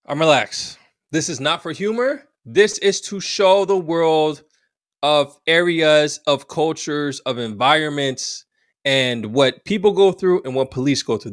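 A man hosting a reaction video, commenting in a slangy, animated way with loud exclamations. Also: fairly high pitch, no echo, studio quality.

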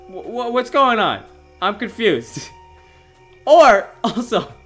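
A teenage boy in his late teens giving excitable, giggly commentary on a horror game, yelping and shouting when startled. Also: high-pitched. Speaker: gaming video host.

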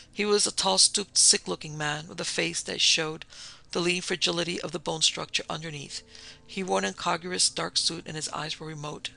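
A woman narrating a classic mystery podcast with steady, measured delivery. Her voice is gravelly with fry and sharply bright in tone. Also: fairly low pitch. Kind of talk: scripted narration of a vintage mystery.

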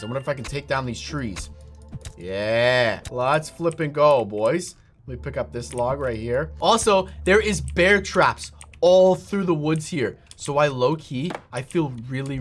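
Excitable man with a lively, jumpy voice. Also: fairly high pitch. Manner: excitable, yelps and shouts at surprises. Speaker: gaming YouTuber host. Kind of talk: energetic gameplay commentary.

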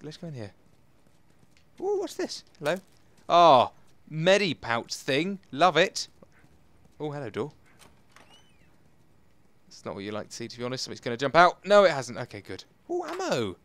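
A man doing excitable, self-mocking commentary over a video game and talking straight to his viewers. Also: a little high, normal speed, pauses often, no echo. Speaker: gameplay commentator. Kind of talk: let's play commentary.

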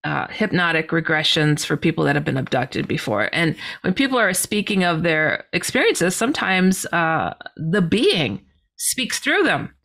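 Animated woman telling a story. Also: on the low side, moderate pace. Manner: animated, lots of "you know" fillers. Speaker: guest. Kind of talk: storytelling in a podcast interview.

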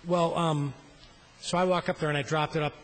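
A man's voice: on the high side, steady tone, brisk, a little hiss or hum, poor audio. A middle-aged man, a state senator, giving a floor speech in a legislative chamber at a floor microphone, telling a rambling, self-deprecating story.

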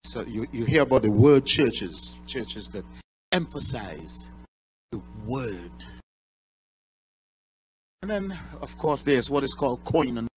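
Man giving a measured ceremonial speech. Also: medium pitch, sing-song, faint music behind, low-quality recording. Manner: measured, spells out terms, many fillers. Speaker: presenter at an awards ceremony.

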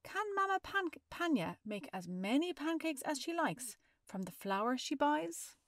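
A woman reading a children's picture book aloud as a storyteller, expressive and stopping to ask the listener maths questions. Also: sits high, unhurried, no room sound, clean studio sound.

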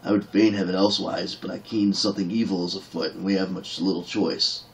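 A man voicing a gruff, grudging male dwarf warrior who growls in old-fashioned speech. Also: deep voice, little pitch movement, brisk, distant mic, slight background noise, poor audio.

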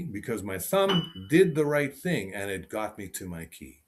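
A man's voice: mid-range voice, very animated, normal speed, slight background noise. A man teaching a piano lesson over a video call, thinking aloud and repeating short phrases as he demonstrates. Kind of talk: online teaching session.

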